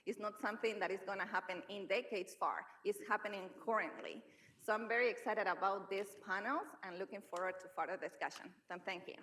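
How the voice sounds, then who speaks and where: A bright-voiced woman introduces herself on a conference panel. Her English is earnest and a little in its phrasing. She sounds somewhat far from the mic. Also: medium pitch, a little fast. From Bolivia. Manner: non-native phrasing, earnest. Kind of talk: panel discussion.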